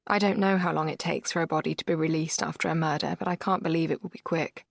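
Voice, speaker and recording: A woman narrating a first-person thriller audiobook in a measured, steady way. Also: low voice, vocal fry, dry recording.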